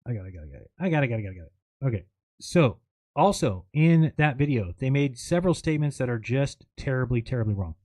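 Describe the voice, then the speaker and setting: A man rants on his live stream at an ordinary pitch, rambling and sarcastic, and he slips into mocking quotes of others. His voice is close and dry, with no room sound. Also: lively intonation, quick pace, darkish tone, no room sound. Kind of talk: casual ranting monologue.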